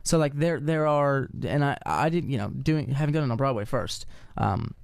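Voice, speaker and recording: A man's voice: medium pitch, vocal fry, clean tone, no room sound, clean studio sound. A man around twenty, a guest singer and actor, chatting casually in an interview with frequent restarts and fillers. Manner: relaxed, halting with restarts and fillers.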